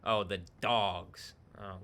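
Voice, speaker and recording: A man with a fairly low voice streams alone, rambling profanely and laughing between remarks in slow, steady-toned solo livestream talk. His tone is sharp, and he's picked up on a computer microphone.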